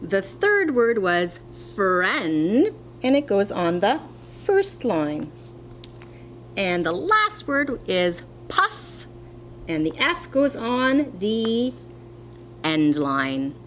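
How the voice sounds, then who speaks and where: A woman teaches a distance-learning phonics lesson to young children, speaking slowly, clearly, and encouragingly with an animated pitch. A slight hum runs under the recording.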